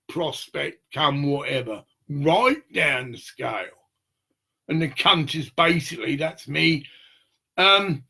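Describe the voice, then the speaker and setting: A man rambles through a profane monologue to the camera. His voice is gravelly and husky with a tense, sharp edge, and his pitch jumps all over the place. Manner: rambling, profane, acts out little scenes.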